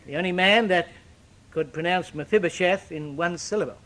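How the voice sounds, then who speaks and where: An older man preaching a sermon, with dramatic, sweeping shifts in pitch and loudness. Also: normal speed, slight background noise.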